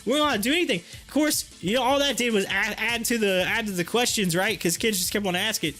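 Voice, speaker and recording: Brief: man in his thirties, very high, bright voice, rambling casual story, faint music under. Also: fast. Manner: rambling, repeats words, many fillers. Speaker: live stream host.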